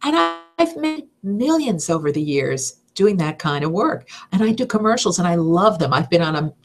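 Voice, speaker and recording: Energetic middle-aged woman teaching voice-over. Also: lowish voice, normal speed, soft background music. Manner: energetic, emphatic, upbeat. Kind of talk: seminar talk.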